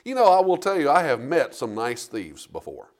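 A middle-aged pastor with a voice on the high side preaches at normal speed, telling stories in his sermon. His delivery is lively, with call-and-response as he asks the congregation for amens.

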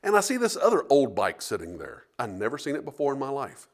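A man's voice: medium pitch, fast talker. A middle-aged man preaching as a pastor, telling stories and asking the congregation for amens. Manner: lively preaching with call-and-response amens. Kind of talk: sermon with storytelling.

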